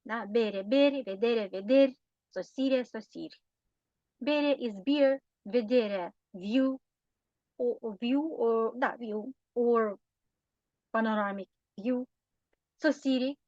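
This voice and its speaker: A woman's voice: fairly high pitch, no echo, lo-fi sound. A woman with a Romanian accent teaching a grammar lesson, explaining patiently and often checking in with short tag questions. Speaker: language teacher.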